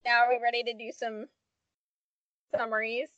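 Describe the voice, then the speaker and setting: A young woman with a high, sharp, bright voice chats casually as a podcast co-host. She rambles, leaning on "like" at every turn. The sound is dry and close. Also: flat delivery, moderate pace, dry recording, highs cut off. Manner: rambling, many "like" fillers. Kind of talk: casual chat.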